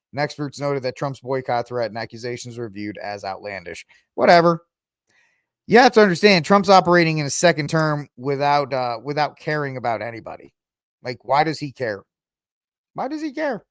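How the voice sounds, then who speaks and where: A man's voice: a little high, no echo, studio quality. A man hosting a news commentary podcast, reading headlines and breaking into sarcastic, rambling asides. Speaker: podcast host.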